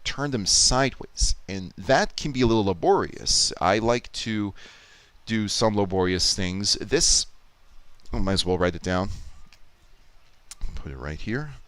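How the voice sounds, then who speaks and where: A man's voice: fairly low pitch, expressive, unhurried, a bit bright, no room sound. A man casually talking through his video editing on a live stream, explaining and thinking aloud with restarts. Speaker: YouTube Poop editor streaming.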